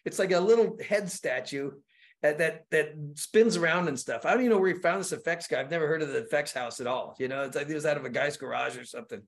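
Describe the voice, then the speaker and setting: A man, a guest screenwriter, telling stories in casual podcast talk, animated and full of repeated words and acted-out quotes. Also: a little high, quick pace, gravelly.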